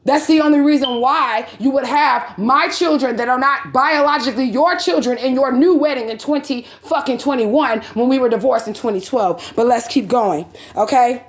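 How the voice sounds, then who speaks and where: A woman's voice: high-pitched, moderate pace, hardly any pauses, echoey room. A woman in her forties telling a story to her viewers and reading out messages, blunt and heated, swearing and asking repeated rhetorical questions. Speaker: vlogger.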